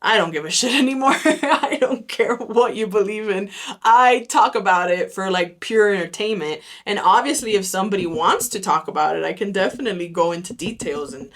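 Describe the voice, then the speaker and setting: A woman's voice: medium pitch, fairly quick, a bit bright. A woman hosting her own podcast, talking through her views in a candid, reflective monologue full of "like.". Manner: candid and unfiltered, leans heavily on "like"; reflective, talks through her thoughts aloud. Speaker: podcast host. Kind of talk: casual solo podcast monologue.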